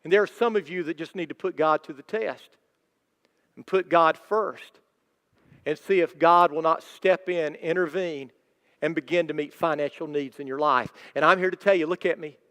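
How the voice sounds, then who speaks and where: A pastor preaches a sermon in a church sanctuary, emphatic and repetitive, his intensity building as he goes. His voice is a little high and a bit bright, at normal speed. The hall lends it a long reverb.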